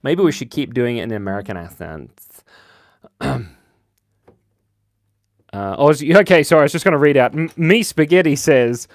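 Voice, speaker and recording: A man's voice: medium pitch, sing-song, moderate pace, long pauses, no echo, studio quality. Playful man hosting a drawing stream. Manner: playful, jokey, reads chat comments aloud. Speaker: live-stream host drawing for kids. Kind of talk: casual live-stream chat while drawing.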